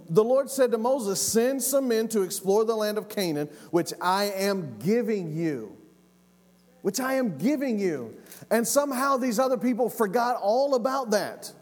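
A man's voice: high voice, a little mellow. Preaching man in a reverberant hall. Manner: impassioned preaching, repeating key phrases. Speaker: pastor. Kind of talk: sermon. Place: church hall.

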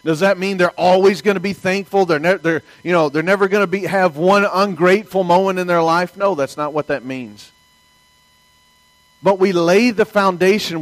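A man's voice: sits high, dry recording, low-quality recording. Folksy Southern preacher man. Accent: Southern American. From American South. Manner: folksy storytelling, calls for amens. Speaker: pastor. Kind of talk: sermon.

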